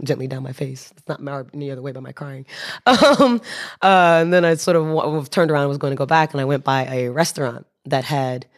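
Animated young woman telling a story. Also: a bass voice. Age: young adult. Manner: animated, self-correcting, often laughing. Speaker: storyteller in a conversation. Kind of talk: casual anecdote telling.

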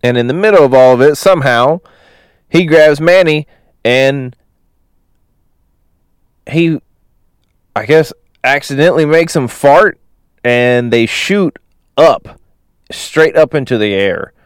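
A man's voice: medium pitch, slow pace, long pauses, clean tone, no room sound, clean studio sound. Rambling man retelling a story. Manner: rambling, many fillers, chuckling asides. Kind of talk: casual film plot retelling.

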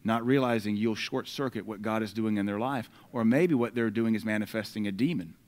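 A man, preaching a sermon and swinging between loud declarations and quiet asides. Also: fairly low pitch, fairly quick. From United States.

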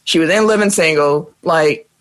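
Animated woman ranking favorites in chat. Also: deep voice, normal speed. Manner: animated, emphatic, repeats herself. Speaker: podcast co-host. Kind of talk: casual chat.

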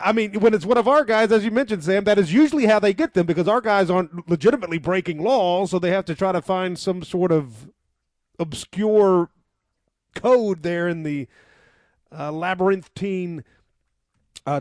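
A man speaking as a guest on a talk radio show, wry and measured. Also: high voice, a little mellow, no room sound, studio quality.

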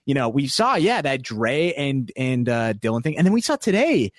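A young man hosting a casual recap podcast, chatty and animated, laughing often and acting out what others said. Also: moderate pace, no echo, clean studio sound. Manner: animated, acts out quotes in high voices, laughs often. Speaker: podcast host.

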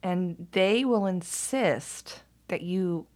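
A woman's voice: on the low side, extremely slow, a little mellow. A woman talking in a casual monologue, candid and blunt, swearing freely, laughing often and now and then dropping to a near whisper.

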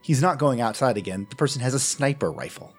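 A man playing a tabletop game, narrating his character's actions in an unhurried storytelling way. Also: medium pitch, expressive, husky, faint music behind. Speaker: player.

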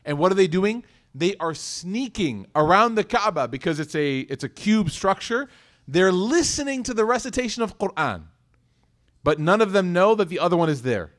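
A man with a slightly higher voice delivers a lively religious lecture. He keeps asking his listeners rhetorical questions. He breaks it up with casual, joking asides. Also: moderate pace. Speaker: Islamic lecturer.

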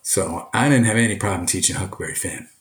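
An older retired teacher from Brooklyn, answering interview questions in an earnest, emphatic way. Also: male voice, deep voice, quick pace. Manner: earnest, emphatic, animated storytelling. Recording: echoey room.

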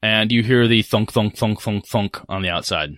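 A man narrating as game master of a tabletop role-play game, animated and full of fillers. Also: on the low side, normal speed, no echo, studio quality.

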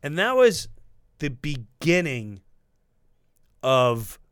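A middle-aged man, a comedian guest, telling a story animatedly in a casual interview and slipping into loud mock quotes of other people. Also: a little high, sing-song, drawn-out words, clean tone, dry recording, studio quality.

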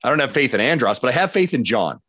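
A man's voice: medium pitch, very animated, fast talker, fairly bright tone, breathy edge, dry recording. A man co-hosting a casual podcast, rambling with fillers and teasing the others with dry humor. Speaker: podcast co-host.

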